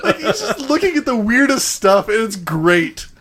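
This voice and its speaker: A man's voice: high voice, normal speed. A man co-hosting a casual motorsport podcast, retelling stories with laughter and mimicry. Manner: storytelling, laughing, animated retelling. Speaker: podcast co-host. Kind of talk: casual chat.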